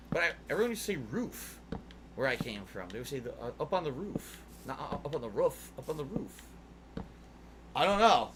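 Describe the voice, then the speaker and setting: A man's voice: on the high side, noisy background. A man casually chatting on a gaming livestream, rambling and musing aloud with some swearing, yawny tonight. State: yawny, sleepy. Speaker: streamer.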